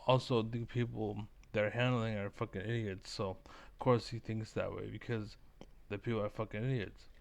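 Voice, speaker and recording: Guy with a gravelly voice ranting on his vlog, rambly and sweary, lots of likes. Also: on the low side, steady tone, normal speed. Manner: rambling, profane, full of likes and fillers. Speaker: vlogger reacting to clips. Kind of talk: casual ranting commentary.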